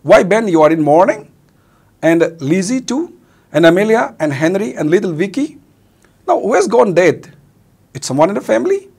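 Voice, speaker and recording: A man's voice: high-pitched, very animated, normal speed, vocal fry, long pauses, a little mellow, slightly rough, voice pushed up, exaggerated voice. A man with a Manipuri accent voicing a bewildered old grandfather in a classroom reading of a play, asking raised, surprised questions. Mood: puzzled.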